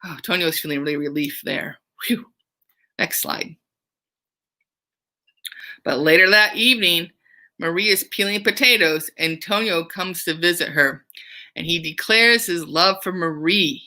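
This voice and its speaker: A woman's voice: on the low side, lively intonation, a little slow, pushed and bright. A young woman who works as a camp counselor, giving a cheerful, playful online music lesson for children.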